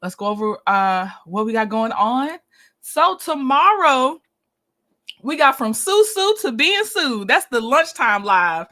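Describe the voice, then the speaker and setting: A woman with a high, bright voice hosts a casual livestream in a loose, chatty manner. She laughs often and greets her viewers warmly by name. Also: very animated, measured pace. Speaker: livestream host.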